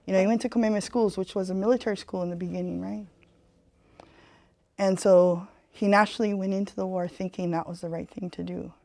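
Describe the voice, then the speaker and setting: A woman's voice: medium pitch, fairly even intonation, quick pace, gravelly, darkish tone, no echo. Earnest woman with a Hawaiian Pidgin lilt. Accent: Hawaiian Pidgin-tinged English. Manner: earnest and conversational, leans on "you know". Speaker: speaker giving a community presentation. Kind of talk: conversational talk with storytelling.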